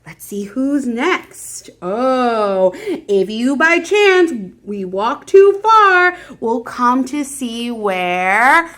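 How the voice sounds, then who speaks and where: A woman leads a children's story hour with a high, animated voice that swoops all over the place. She takes her time, gasping and squawking along with the animals, and keeps inviting the little ones to join in. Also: drawn-out words. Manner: animated, with gasps and animal sound effects; addresses children, prompts them to join in. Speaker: children's librarian. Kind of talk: reading picture books aloud at story time.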